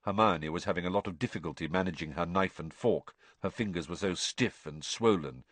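A man reading an audiobook with expressive storytelling. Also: sits low, brisk, dry recording. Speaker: narrator.

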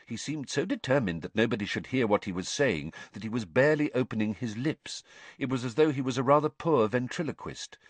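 A man reading a novel aloud as an audiobook narrator, measured and expressive. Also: medium pitch, no echo.

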